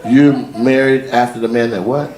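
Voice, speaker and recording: Teasing stand-up comic in a loud room. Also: male voice, mid-range voice, fairly even intonation. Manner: teasing, quick-fire questions to audience members. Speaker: stand-up comedian. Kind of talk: stand-up crowd work. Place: comedy club stage. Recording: echoey live venue with loud crowd laughter.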